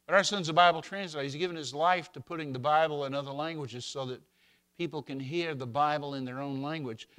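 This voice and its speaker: Folksy older man preaching, bright voice. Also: a little high. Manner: folksy storytelling, swells loud on scripture quotes. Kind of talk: sermon.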